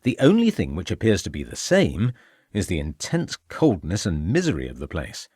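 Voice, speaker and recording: A man's voice: deep voice, wildly swooping pitch, normal speed, darkish tone, husky, no echo, studio quality, full character voice. A man voicing an earnest, puzzled Victorian police constable. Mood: bewildered.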